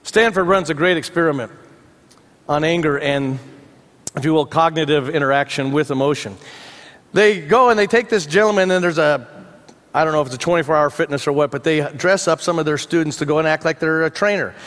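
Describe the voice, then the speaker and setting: A pastor preaching a conversational sermon, telling stories with humorous asides. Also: male voice, on the high side, fairly quick, fairly bright tone. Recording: long hall reverb.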